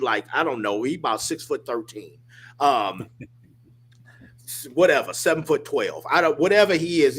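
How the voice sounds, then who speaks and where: A man, a podcast guest, telling a personal story in a casual, emphatic way over a video call. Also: on the high side. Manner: emphatic, animated, addresses listener as dude and man.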